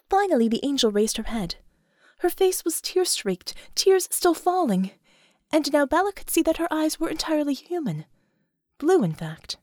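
A woman narrating an audiobook in an expressive, measured storytelling manner. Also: high voice, no room sound, clean studio sound.

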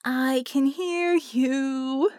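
A woman's voice: sits high, darkish tone, dry recording, studio quality, voice pushed up. A woman reading a tipsy, playful woman speaking over a bar's sound system. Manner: slow, tipsy, teasing.

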